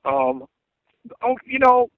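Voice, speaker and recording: A man's voice: extremely high pitch, very animated, slow pace, no room sound, phone-quality sound. A man from Texas calling in by phone from outside his home as a comedy correspondent, rambling and joking in a mock-aggrieved way. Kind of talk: casual phone chat. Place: outdoors at home. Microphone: phone call.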